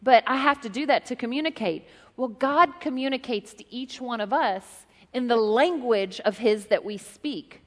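A middle-aged woman preaching a sermon, an animated and joking storyteller who speaks straight to her congregation. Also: on the high side, moderate pace, hardly any pauses. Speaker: pastor. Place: church hall. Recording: reverberant hall.

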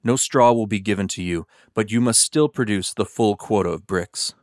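Man reading a haughty ancient king, low, dry, commanding, barely acted. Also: moderate pace, dry recording, close to an everyday voice. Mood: scornful. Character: stern arrogant ancient male king.

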